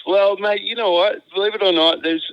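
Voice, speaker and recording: A man's voice: sits high, steady tone, fairly quick, clear, resonant tone, no echo. An Australian man calling in as a guest, chatting casually and rambling with restarts and slang over a phone line. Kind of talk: casual chat.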